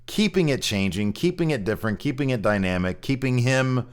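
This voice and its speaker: A man's voice: mid-range voice, lively intonation, a little fast, clean tone. A man hosting a wrestling podcast, giving a blunt, opinionated recap in casual chat and swearing freely.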